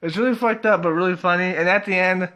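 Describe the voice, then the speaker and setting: A man's voice: sits high, fast talker, pushed and bright. A young man casually reviewing a TV episode, laughing often, swearing freely and filling his talk with "like" and "uh".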